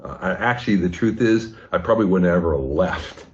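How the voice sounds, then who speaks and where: A man's voice: sits low, animated, fairly quick, highs cut off. A man giving a rambling, profane, rousing fundraising pep talk over a video call. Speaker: fundraising speaker.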